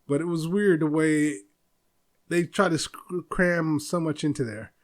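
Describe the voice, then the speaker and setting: Solo podcast host, man, slightly higher voice, loose rambling delivery with frequent chuckles. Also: a little slow. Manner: rambling, chuckles often, loose and self-interrupting. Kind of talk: casual solo podcast talk.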